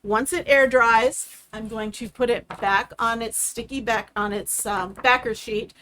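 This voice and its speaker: A woman's voice: a little high, steady tone, measured pace, bright, forceful tone, slight background noise. A woman hosting a live craft demonstration, walking through each step in a chatty, explaining way. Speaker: craft host.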